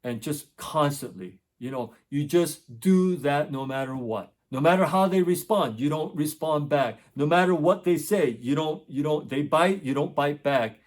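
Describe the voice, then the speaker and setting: A man's voice: a little high, lively intonation, moderate pace, hardly any pauses. A middle-aged man, a tutor hosting his channel, telling a story in a casual monologue and earnestly repeating his points for emphasis. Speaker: tutor and education channel host.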